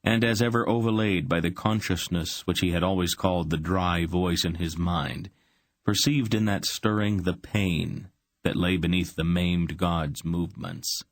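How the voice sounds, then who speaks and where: A man narrating a fantasy audiobook in a steady, unhurried way. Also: sits low. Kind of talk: scripted narration.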